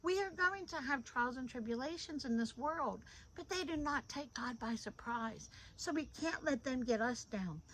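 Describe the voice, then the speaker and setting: A middle-aged woman giving an informal devotional talk into a phone. She is animated and repeats phrases for emphasis. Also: sits high, normal speed, low-quality recording. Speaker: devotional host.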